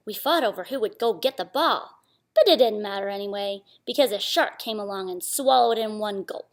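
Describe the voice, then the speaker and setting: A woman reading a picture book aloud to children, sing-song and animated, often dropping to a whisper. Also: mid-range voice, moderate pace. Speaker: storytime reader.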